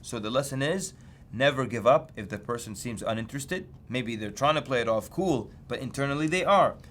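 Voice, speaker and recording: A man preacher giving a lecture on outreach, telling stories with lively swings of pitch for emphasis. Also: a little fast, a little hiss or hum. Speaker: Islamic preacher teaching street outreach. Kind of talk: story-led lecture.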